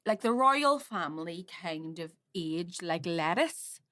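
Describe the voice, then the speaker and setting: A woman's voice: lowish voice, lively intonation, takes it slowly, a bit bright. A woman co-hosting a comedy podcast, chatty and cheeky in casual banter. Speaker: podcast co-host.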